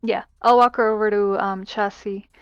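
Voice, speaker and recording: A woman player speaking in character during a tabletop role-play game, in a playful, drawn-out way. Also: mid-range voice, fairly even intonation, smooth, no room sound, highs cut off.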